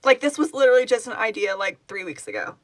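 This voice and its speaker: A woman's voice: fairly high pitch, big pitch swings, fast, no room sound. A middle-aged woman chatting casually on a live stream as founder of a fan project, emotional and tearful as she reads out where viewers are from. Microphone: phone.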